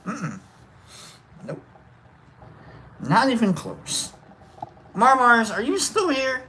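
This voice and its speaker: A woman's voice: fairly high pitch, wildly swooping pitch, extremely slow, sharp tone, a little hiss or hum. A woman hosting a casual livestream chat, swearing freely, rambling, and breaking into sung lines. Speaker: livestream host.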